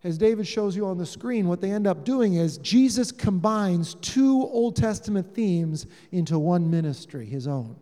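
A man with a fairly high voice preaches a sermon, telling the story with real animation and acting out each line of dialogue. His voice rings out in a hall with a long reverb tail. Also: expressive, normal speed, few pauses, mellow. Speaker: pastor.

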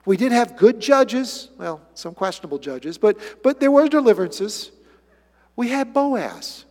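A male pastor preaching a sermon in an animated way, with sarcastic asides. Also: high-pitched, a little slow. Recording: long hall reverb.

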